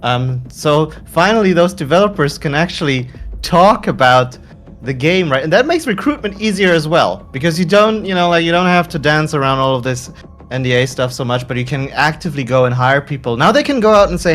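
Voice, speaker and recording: A man's voice: a little high, brisk, soft background music. Joking male game developer on stream. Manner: joking, animated, swears casually. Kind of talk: casual stream chat.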